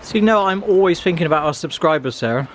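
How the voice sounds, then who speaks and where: A man's voice: on the high side, animated, fast, background noise. A man co-hosting a walking vlog, reading plaques aloud and teasing his companion. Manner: dry, teasing. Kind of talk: casual chat, reading signs aloud. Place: outdoors on a coastal walk.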